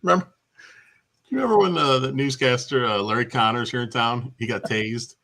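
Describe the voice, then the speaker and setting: A man's voice: mid-range voice, expressive, a little fast, background noise. A man co-hosting a casual gaming chat show, telling stories and laughing often.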